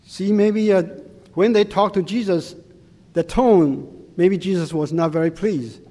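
Slow-speaking man preaching in a hall. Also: high-pitched, dark tone. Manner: slow, deliberate preaching in simple non-native English. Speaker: pastor. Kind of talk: sermon. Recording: long hall reverb.

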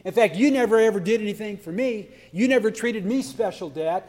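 A man's voice: high voice, measured pace, dark tone, in a large hall. A man voicing a resentful, self-righteous older son who is sarcastic and proud, complaining and talking down. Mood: indignant.

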